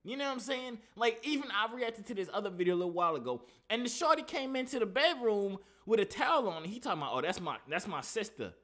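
A man's voice: sits high, fast, few pauses. A man hosting a reaction video, talking in casual slang and mocking what he sees. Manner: slangy, animated, mocking, repeats "you know what I'm saying".

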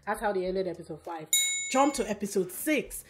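A woman giving a casual, animated recap of a competition show, telling the story quickly with fillers and quick asides. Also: medium pitch. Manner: animated, fast storytelling with fillers and acted quotes. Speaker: recap vlogger.

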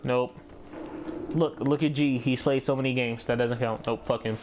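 This man's medium-pitched voice stays fairly even and moves at normal speed against a noisy background with music. A gamer and channel host, he offers casual, swearing commentary, muttering and putting himself down as he plays.

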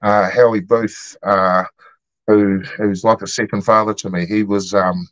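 A man's voice: fairly low pitch, little pitch movement, a little slow, a bit bright, no echo. A man, a guest telling his story in a casual interview, easygoing and rambling with many ums and uhs. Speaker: guest, martial arts gym founder. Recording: dull lo-fi dry sound.

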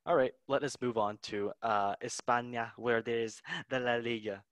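A man's voice: medium pitch, steady tone, moderate pace, fairly bright tone. A young man hosting a casual football chat, playful and laughing often as he runs through match scores. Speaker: podcast host.

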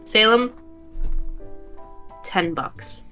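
A woman's voice: mid-range voice, lively intonation, extremely slow, bright, forceful tone, soft background music. A young woman playing along on a game stream, bantering and teasing in a playful way. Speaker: co-player. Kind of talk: casual gaming livestream chat.

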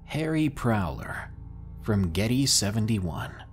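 A man narrating scary stories in a dramatic, drawn-out way, pausing for suspense. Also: on the low side, sing-song. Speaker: horror story narrator. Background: faint music.

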